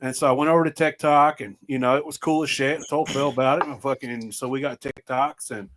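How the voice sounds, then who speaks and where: A man's voice: mid-range voice, steady tone, a little fast, fairly bright tone, a little hiss or hum. A man guest chatting casually on a podcast, easygoing, laughing as he recalls stories and acts out quotes. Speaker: guest, moonshine partner.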